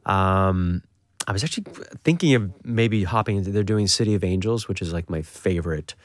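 A man, a singer and actor, talking casually as a radio guest, relaxed and chatty, often restarting his sentences. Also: deep voice, a little fast, no room sound, studio quality.

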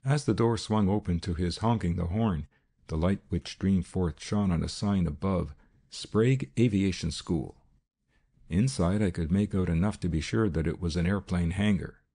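Deep, gravelly male audiobook narrator. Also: normal speed, mellow. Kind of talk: first-person audiobook narration.

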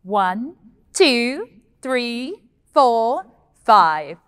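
A bubbly young fairy-tale heroine, played by a woman, leads children through a pantomime vocal warm-up. Her high voice swoops up and down with lively, giggly, sing-song energy. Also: very slow, clear, resonant tone, exaggerated voice. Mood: cheerful. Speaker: pantomime performer teaching children. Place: indoor hall.

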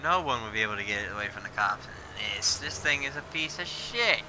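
A man commentating his video game play, excitable and swearing, shouting at what happens on screen. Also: mid-range voice, fairly quick, noisy background. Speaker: streamer. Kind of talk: gameplay commentary. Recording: game sounds over the voice.

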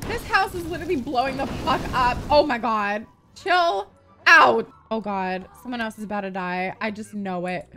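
A woman's voice: on the high side, brisk, hardly any pauses, faint music behind. A young woman giving casual commentary on her game, swearing freely and shrieking and gasping when something happens. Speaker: gaming YouTuber.

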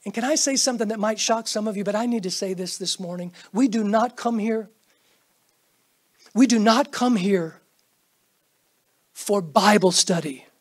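A middle-aged man preaches in a church with a fairly high, husky voice. He swings from loud, pressing bursts to near-whispered asides and acts out the prayers and greetings he quotes. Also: normal speed, pauses often. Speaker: pastor. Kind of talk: sermon. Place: church sanctuary.

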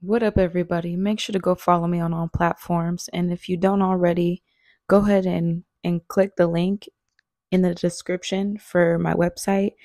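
A woman musician giving a relaxed, matter-of-fact outro promo for her vlog. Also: lowish voice, normal speed, no room sound, studio quality.

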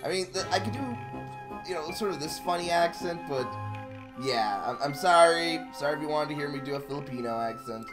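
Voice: medium pitch, expressive, a little fast. Playful let's-play commentator. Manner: playful, self-mocking, rambling asides. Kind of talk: gameplay commentary. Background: game music.

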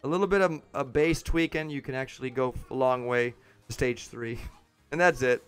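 A man's voice: mid-range voice, normal speed, smooth, soft background music. A man casually commenting on his game while livestreaming, chatting with viewers and chuckling often. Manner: chatty, chuckling, talks to chat. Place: home setup with green screen.

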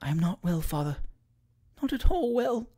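A timid, sickly young girl who speaks in a soft, near-whispered voice, voiced by a man reading a story. Her voice sits fairly high and stays hushed. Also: sing-song, moderate pace, creaky, breathy edge, heavily acted.

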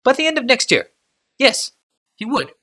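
A man voicing an anxious, deferential male servant in an audiobook reading, his voice pushed high and strained. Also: sing-song, moderate pace, bright, forceful tone, full character voice. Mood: nervous.

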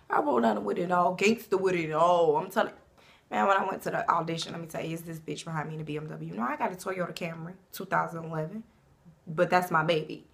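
A woman's voice: lowish voice, fast talker, creaky. Brash profane young woman. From Savannah, Georgia, US. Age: 20s. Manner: brash, profane, swings into loud bursts. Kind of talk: casual self-introduction to camera.

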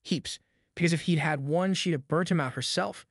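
A mischievous young boy , put on by a male narrator, pleads innocence in a cheeky, raised voice. He sounds sly and quick with excuses. The recording is dry and close, like a storybook reading. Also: fairly high pitch, no room sound.

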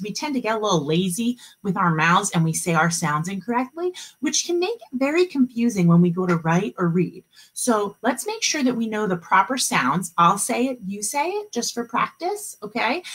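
A woman teaching an online kindergarten class, modeling letter sounds slowly and cheering the children on. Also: medium pitch, fairly bright tone, slightly rough. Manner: slow, encouraging, drawn-out sound modeling. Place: home, video meeting.

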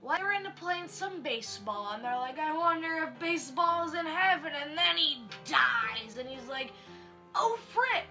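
Bright, high-voiced sarcastic young woman. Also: moderate pace, hardly any pauses, faint music behind. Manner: sarcastic, slangy and deadpan. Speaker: host. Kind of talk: comedic story review.

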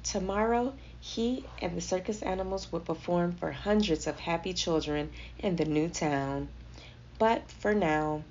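Expressive woman reading a children's story. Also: lowish voice. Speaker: storybook reader. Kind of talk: children's read-aloud narration. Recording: slightly dull lo-fi audio with faint noise.

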